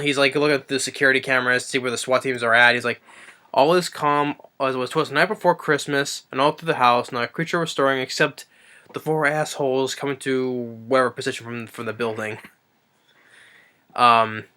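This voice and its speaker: A man's voice: medium pitch, pushed and bright, smooth. A man giving a casual, rambling, enthusiastic recap of a movie's plot as a reviewer, now and then acting out the characters' lines. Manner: rambling and enthusiastic, acts out quotes.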